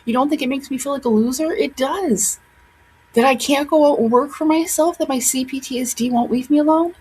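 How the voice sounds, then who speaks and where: A woman's voice: high voice, a little fast, darkish tone, low-quality recording. A young woman talking casually to her camera at home, rambling and emotional, with many fillers and restarts. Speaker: vlogger.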